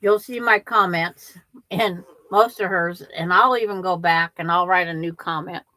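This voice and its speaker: A woman's voice: fairly low pitch, normal speed, bright, forceful tone, no room sound. An older woman hosting a quilting livestream, chatting casually and rambling with viewers, often restarting her sentences.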